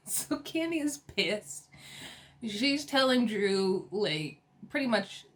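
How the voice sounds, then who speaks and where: A woman recapping a reality TV episode in a casual, sassy and animated way, with slang and laughter. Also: medium pitch, extremely slow. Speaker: TV episode reviewer.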